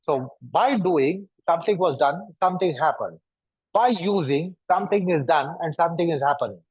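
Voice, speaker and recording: A man's voice: on the high side, animated, normal speed, slightly rough, dry recording. A man teaching a yoga class, guiding students through poses and pressing them with repeated, probing questions. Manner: repetitive, probing rhetorical questions. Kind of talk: instructing a class. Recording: dull lo-fi recording.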